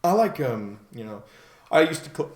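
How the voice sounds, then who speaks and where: A man's voice: medium pitch, sing-song, normal speed. Easygoing chatty man, echoey room. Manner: easygoing, chatty, laughs often. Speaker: podcast host. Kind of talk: casual chat.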